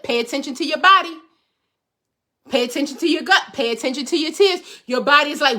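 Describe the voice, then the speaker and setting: A woman's voice: high voice, a little fast, bright, forceful tone. A middle-aged woman host giving an emphatic motivational talk to viewers, repeating phrases for rhythm like a preacher. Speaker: host, life coach.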